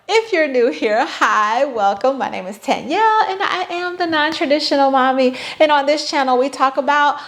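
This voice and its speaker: A woman's voice: sits high, expressive, moderate pace, hardly any pauses, fairly bright tone. A woman in her thirties talking casually to her viewers as a vlogger, chatty and playful with sarcastic asides. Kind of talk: casual talk to camera.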